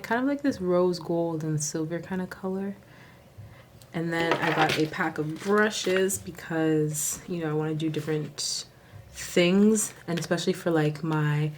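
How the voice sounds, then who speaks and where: A woman with a Southern US accent chatting casually through a haul video, full of fillers and sudden gasping excitement. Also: low-pitched, noisy background. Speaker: nail vlogger.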